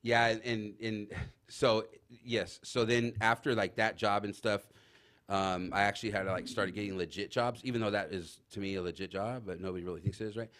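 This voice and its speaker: A man telling rambling, animated anecdotes in casual chat as a talk show guest, full of fillers. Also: fairly low pitch, fairly quick. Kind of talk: casual storytelling.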